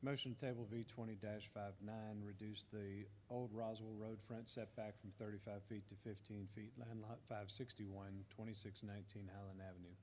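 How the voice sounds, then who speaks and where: A man's voice: fairly low pitch, little pitch movement, normal speed, hardly any pauses, slight background noise. A man on a public board stating motions in a plain, matter-of-fact recitation of setbacks and addresses. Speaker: board member. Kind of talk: reading motions aloud. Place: community center gym.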